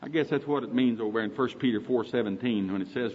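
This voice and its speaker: A man's voice: mid-range voice, fast, hardly any pauses. A man with an Oklahoma accent preaching a sermon in a folksy, emphatic way, quoting scripture often. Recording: dull recording with long hall reverb.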